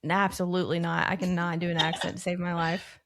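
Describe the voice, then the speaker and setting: A woman's voice: on the low side, level tone, fast talker, slight background noise. A woman co-hosting a casual podcast, candid and self-deprecating, often laughing at herself. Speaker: podcast co-host. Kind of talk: casual chat.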